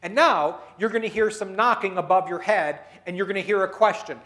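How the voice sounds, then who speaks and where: A man with a notably high voice gives a motivational keynote at a dinner meeting. He tells stories, slips into the voices of the people in them, and gets the crowd to join in with little exercises. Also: fairly quick, fairly bright tone. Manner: storytelling, leads the audience through exercises; acts out quoted people in his stories. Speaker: keynote speaker.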